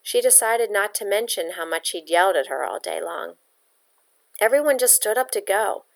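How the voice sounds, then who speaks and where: A woman reading a novel aloud at a mid pitch. Her delivery is steady and plain, carrying the narration evenly. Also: moderate pace, gravelly. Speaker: audiobook reader.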